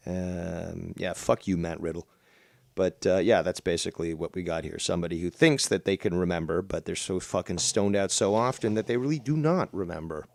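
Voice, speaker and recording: A low-pitched man gives mocking, sarcastic commentary on a live stream. He speaks casually and says "dude" often. The sound is dry and close to the mic. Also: a little fast, vocal fry, darkish tone, dry recording. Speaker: drama commentary streamer host.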